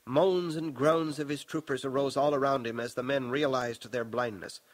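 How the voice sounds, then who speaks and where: A man narrating his own novel in a measured, dramatic audiobook reading. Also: mid-range voice, fairly even intonation, dry recording, rough recording.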